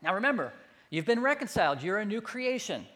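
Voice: mid-range voice, very animated, a little fast, a bit bright, big-room sound. A pastor preaching a sermon in a conversational, self-deprecating storytelling manner.

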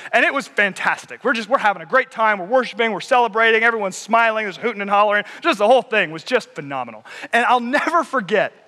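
A middle-aged man delivers an earnest sermon in a high, bright voice. He presses his points through emphatic repetition. The sound carries the long reverb of a large hall. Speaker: pastor.

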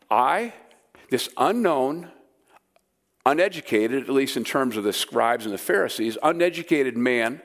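A man's voice: mid-range voice, gravelly. A man preaching a sermon to a live audience in a room, conversational and emphatic. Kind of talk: sermon teaching.

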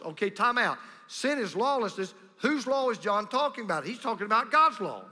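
A pastor preaching a sermon, emphatic and repetitive, with a storyteller's delivery. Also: male voice, sits high, sing-song, moderate pace, hardly any pauses, pushed and bright. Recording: long reverb of a large hall.

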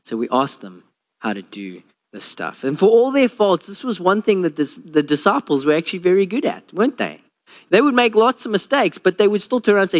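A man, a pastor, preaching a sermon and telling a Bible story with lively acted-out quotes. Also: a little fast. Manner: storytelling, acts out quotes with a lowered voice.

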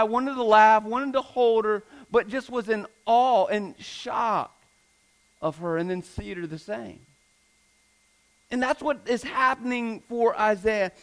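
A man's voice: very high-pitched, a bit bright, low-quality recording. A man in his thirties preaching a sermon, earnest and fond of repeating phrases for emphasis. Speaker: pastor.

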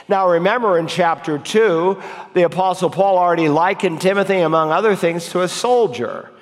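A middle-aged man preaching an expository sermon, emphatic and building to forceful exhortation. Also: sits high, moderate pace, long reverb tail.

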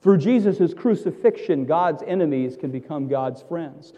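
Preacher guy, lively high voice, mellow tone, echoing hall. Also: a little slow, few pauses. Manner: emphatic, theatrical, swings from loud to hushed. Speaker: pastor. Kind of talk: sermon.

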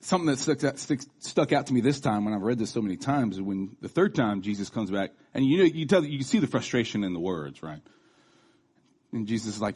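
A man's voice: medium pitch, animated, a little fast, a little mellow, slightly rough. A man in his thirties giving a casual, conversational sermon, chatty, with restarts and asides. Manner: acts out quoted voices. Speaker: preacher.

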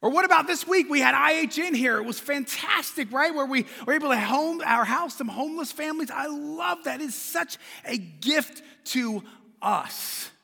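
A man's voice: very high voice, expressive, moderate pace, gravelly, pushed and bright. A man preaching a sermon as pastor, talking in a conversational way with repeated words and questions to the congregation, in a large church. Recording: long church reverb.

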